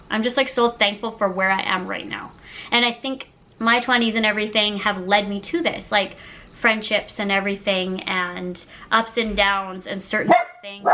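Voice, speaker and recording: This low-quality clip features a mid-range, bright, forceful female voice. The speaker, a YouTuber near thirty, sits and talks casually to the camera, gushing emotionally and peppering everything with "like."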